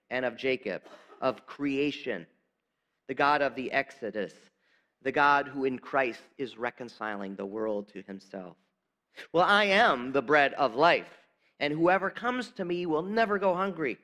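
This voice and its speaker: A male pastor giving a sermon in a church, talking conversationally and dropping to soft, emphatic lines. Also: medium pitch. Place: church sanctuary.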